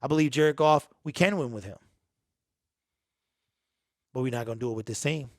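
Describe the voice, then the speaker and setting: A man's voice: medium pitch, moderate pace, no echo, clean studio sound. A man hosting his own sports channel, speaking in a raw, unedited, emphatic and emotional monologue to his viewers. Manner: emphatic, repetitive, earnest and emotional. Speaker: host of a sports talk channel.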